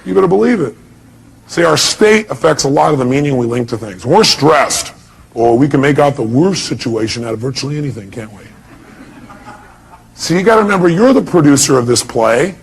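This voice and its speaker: A man's voice: medium pitch, lively intonation, brisk, creaky, slightly rough. Emphatic male motivational speaker. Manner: emphatic, fires rhetorical questions, blunt and salty. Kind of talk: motivational speech to a live audience.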